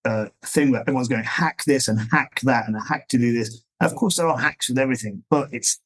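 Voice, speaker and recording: A man's voice: mid-range voice, fairly quick, a bit bright, rough recording. A middle-aged man, a dog trainer, talking as an interview guest in a rambling, easygoing, explanatory way. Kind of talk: conversational interview.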